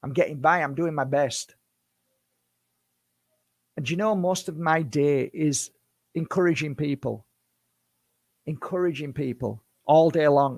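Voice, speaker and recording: Gravelly, emphatic man in his fifties. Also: fairly high pitch, a little slow, pauses often, a little mellow, no room sound, clean studio sound. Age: 50s. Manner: emphatic, defensive, repetitive rhetorical questions. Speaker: spiritual healer and YouTuber. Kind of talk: impassioned monologue to camera.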